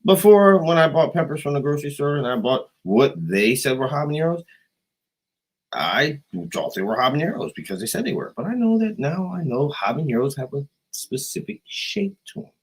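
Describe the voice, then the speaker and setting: American guy ranting on a live stream, husky voice, swears a lot, gets loud then goes quiet. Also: on the high side, moderate pace, low-quality recording. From United States. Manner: profane, excitable, jumps between loud outbursts and quiet asides. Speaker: livestream host. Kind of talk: rambling casual livestream chat.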